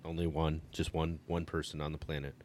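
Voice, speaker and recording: A man's voice: very deep voice, little pitch movement, brisk, a little hiss or hum. A man co-hosting a podcast, chatting casually with brief, dry replies and quips. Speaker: podcast co-host. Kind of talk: casual chat.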